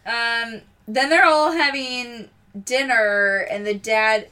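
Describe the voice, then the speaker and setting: A woman's voice: on the high side, slow, pushed and bright, far from the mic. A woman co-hosting a podcast, bluntly recapping a film with swearing and jokes. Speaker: podcast co-host. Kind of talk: casual chat recapping a film.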